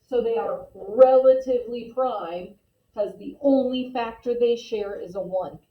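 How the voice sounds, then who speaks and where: A woman's voice: on the high side, a little slow, recorded from a distance. A woman math teacher in a classroom, patiently explaining steps and calling on students. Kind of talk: classroom lesson. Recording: echoey classroom recorded from afar, dull lo-fi.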